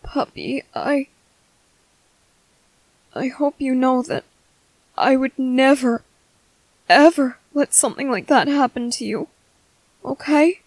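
A woman voicing a tender young man comforting his partner in a whispered role-play, speaking softly, slowly and reassuringly. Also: high-pitched, no room sound, exaggerated voice, low-quality recording. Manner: soft, slow, reassuring.

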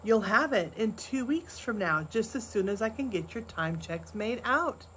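A woman voicing a calm, firm frontier father speaking quietly to an angry crowd in a story read aloud. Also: a little high, normal speed, a little hiss or hum. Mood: cool. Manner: quiet, cool, steady.

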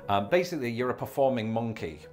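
A man with an English accent speaking in a vlog, measured and wry, with a dry self-deprecating humour. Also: mid-range voice, expressive, a little mellow, faint music behind. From England. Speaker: vlogger. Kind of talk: talking-head vlog monologue.

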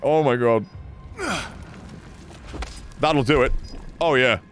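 A man giving exasperated, animated gaming commentary as a streamer, swearing often. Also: mid-range voice, slow, soft background music.

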